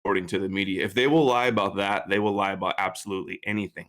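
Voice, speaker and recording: A man guesting on a livestream panel, giving measured, opinionated commentary. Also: deep voice, steady tone, fairly bright tone. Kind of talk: casual panel chat.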